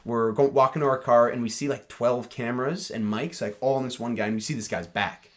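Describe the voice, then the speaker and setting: A young man co-hosting a podcast, telling a story in an animated way full of fillers. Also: medium pitch, a little fast. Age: young adult. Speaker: podcast co-host. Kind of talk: casual chat.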